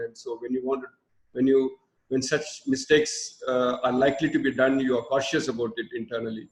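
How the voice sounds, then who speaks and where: Casting: Indian man hosting, mid-pitch voice, roomy echo. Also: flat delivery, fairly quick. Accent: Indian English. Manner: affirming, asks long leading questions. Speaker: host. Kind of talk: interview talk show. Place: live event before an audience.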